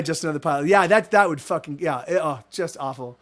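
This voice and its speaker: A man's voice: on the high side, moderate pace, fairly bright tone, soft background music. A man in his thirties, a livestream host, telling a rambling story to his chat with many restarts and a lot of swearing. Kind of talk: casual storytelling to live chat.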